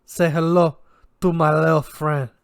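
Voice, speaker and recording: A man voicing a desperate, battered young hero shouting. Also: fairly high pitch, flat delivery, unhurried, clean tone, dry recording, clean studio sound, pitched above the performer's own voice. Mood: defiant. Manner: strained, shouting defiantly.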